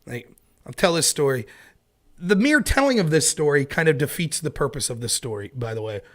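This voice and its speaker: A man's voice: a little high, very animated, a little fast, a bit bright. A man in his thirties hosting a casual commentary show, telling rambling stories with frequent swearing. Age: 30s. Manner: rambling, profane storyteller. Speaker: host.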